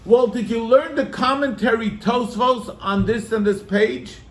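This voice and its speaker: A man's voice: extremely high pitch, a little slow, echoey room. A man, a rabbi, telling a story to his congregation, acting out the people in it. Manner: animated, acts out quoted voices.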